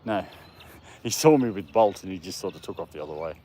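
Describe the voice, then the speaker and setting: A man's voice: low-pitched, fast talker. Chatty man walking his dog outdoors. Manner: chatty, talks to his dog in a lively sing-song voice. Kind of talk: casual live-stream chat. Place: outdoors in a park. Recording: faint outdoor background noise.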